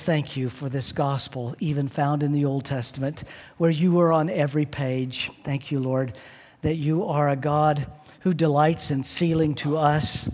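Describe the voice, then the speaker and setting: Middle-aged pastor preaching in a reverberant hall. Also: male voice, a little high. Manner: storytelling, shifts from lively to hushed and prayerful. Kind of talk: sermon.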